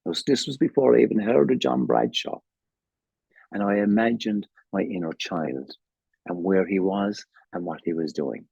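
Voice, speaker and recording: An older Irish man with a very deep, gravelly voice tells his own story at a recovery meeting, candid and emotional, with plenty of swearing. His tone is dark and husky. The video call audio sounds dull and lo-fi. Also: expressive, normal speed, no echo. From Ireland. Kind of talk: personal testimony.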